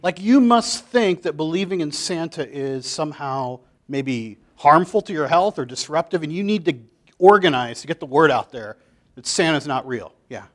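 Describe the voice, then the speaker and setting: A man leading a Bible study group in a chatty, animated way, full of filler "like"s, as he reads comics aloud. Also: fairly high pitch, normal speed. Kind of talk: casual group talk, reading comics aloud.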